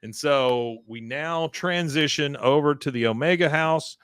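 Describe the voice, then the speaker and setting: A man's voice: fairly high pitch, measured pace, clean tone, no echo. A man hosting a podcast, casually recapping a cartoon episode with lots of fillers. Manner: relaxed, filler-heavy storytelling. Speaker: podcast host.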